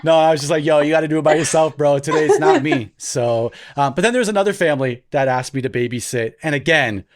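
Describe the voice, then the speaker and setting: This young man co-hosts a podcast, talking fast in a voice on the high side with hardly any pauses. He tells a story in casual chat, animatedly and loudly acting out the voices he quotes.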